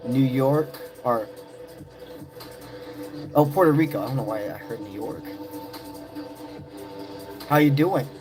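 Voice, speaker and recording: A man's voice: medium pitch, slow, long pauses. A man hosting a live-stream tarot session, greeting chat viewers by name in loose, friendly slang. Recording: music playing in the background. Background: music.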